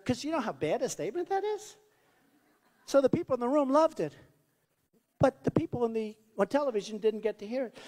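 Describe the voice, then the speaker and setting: A man's voice: extremely high pitch, a little mellow. Man, political candidate, rally speech, rambling and boastful, echoing big hall. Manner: rambling, boastful, repeats himself. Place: large rally venue. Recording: long reverb of a large hall.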